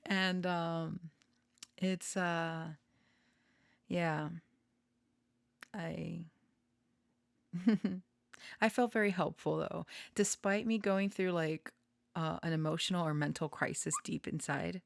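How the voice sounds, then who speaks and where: A woman's voice: fairly low pitch, steady tone, takes it slowly, vocal fry, pauses often, dry recording. A young woman hosting a casual, rambling chat, laughing often and sometimes dropping to a whisper. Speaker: podcast host.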